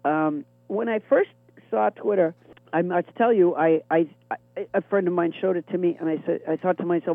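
A middle-aged woman comedian with a deep, gravelly voice and a chronic cough, chatting in a wry, rambling, self-deprecating way as an interview guest. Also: normal speed, dry recording. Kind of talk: phone interview chat. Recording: tinny phone line.

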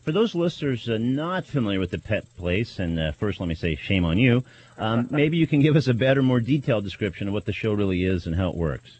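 A male radio host announces and interviews in a low voice. His pitch moves a lot, and he halts often on fillers. The sound is dull and muffled. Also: big pitch swings, a little fast, darkish tone, a little hiss or hum. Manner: hesitant, filler-heavy announcing. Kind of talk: college radio talk show hosting.

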